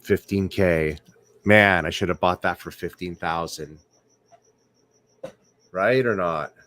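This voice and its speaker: Deep-voiced man rambling on a late-night stream. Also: takes it slowly, a bit bright. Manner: rambling, repeats words, asks viewers questions. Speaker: livestream host. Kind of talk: late-night casual livestream chat. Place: indoors at home, night.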